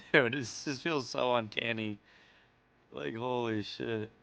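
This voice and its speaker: A man's voice: medium pitch, slow, vocal fry, sharp tone. A young American man streaming, chatting casually and reacting with loose slang, frequent swearing and laughs. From United States.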